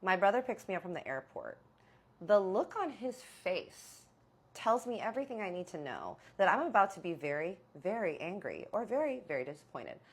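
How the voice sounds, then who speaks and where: A young adult woman casually telling a personal story to camera, animated and exasperated, acting out the dialogue. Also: mid-range voice, normal speed, husky. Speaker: vlogger.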